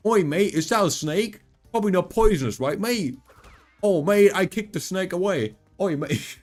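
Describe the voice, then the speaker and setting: A boisterous Australian bloke, his voice pushed up high and shouted with cheeky glee, as a man puts him on. The delivery is broad and exaggerated, like a cartoon caricature. Faint game music plays underneath. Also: animated, drawn-out words, full character voice.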